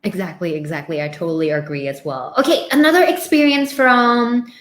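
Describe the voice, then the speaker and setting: A woman's voice: on the low side, steady tone, brisk. Woman chatting in english, echoey room, giggly, stops and restarts. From Thailand. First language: Thai. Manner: laughs often, hesitant restarts. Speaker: host. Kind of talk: casual live chat.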